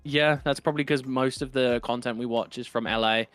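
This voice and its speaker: A man's voice: mid-range voice, fairly even intonation, fairly quick, fairly bright tone, soft background music. A young man from London with an East End accent, chatting casually on a podcast in a rambling, profane way with lots of ums and restarts. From England. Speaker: podcast co-host. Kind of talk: casual chat.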